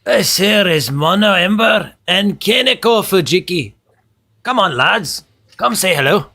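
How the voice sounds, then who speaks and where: A man's voice: high-pitched, animated, a little slow, gravelly, sharp tone, exaggerated voice. A man voicing a hearty, formal male dwarf warrior in a tabletop game.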